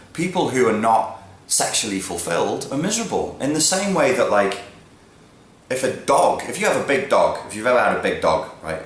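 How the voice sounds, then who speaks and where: Blunt, profane man ranting. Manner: blunt and profane, swings from low mutters to loud emphatic peaks. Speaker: vlogger giving opinions. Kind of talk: ranting monologue to camera. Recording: roomy echo with faint background noise.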